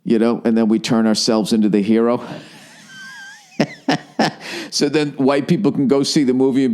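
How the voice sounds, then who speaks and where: A man's voice: mid-range voice, flat delivery, moderate pace, long pauses, a little mellow. A man in his forties hosting a solo podcast from home, ranting profanely and sarcastically and mocking people in put-on voices. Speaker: podcast host. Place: home in Los Angeles.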